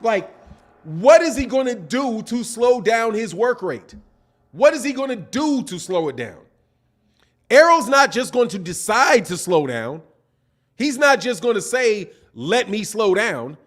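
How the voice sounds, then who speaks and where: His very high-pitched voice moves at a measured pace as he hosts a boxing live stream. Reading chats from viewers, he argues animatedly, firing off repeated rhetorical questions.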